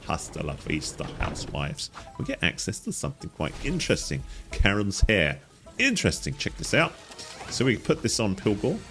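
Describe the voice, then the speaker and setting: A man hosting a playful, animated game walkthrough, often calling viewers his friends. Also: low-pitched. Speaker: gaming guide host.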